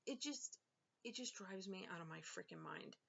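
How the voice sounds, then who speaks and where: A woman's voice: mid-range voice, animated, normal speed, vocal fry, bright, forceful tone, breathy edge. A young woman venting in a casual vlog, sarcastic and exasperated, with lots of fillers. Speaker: vlogger and author. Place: home. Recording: slightly dull lo-fi sound.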